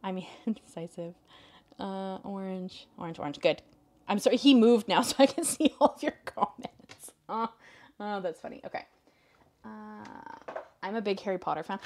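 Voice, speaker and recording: This craft video host, a young woman from Canada, works on a live stream while chatting and dithering with her viewers and her cat. She speaks at medium pitch and normal speed with lively intonation and a slightly mellow tone, over a faint hiss or hum.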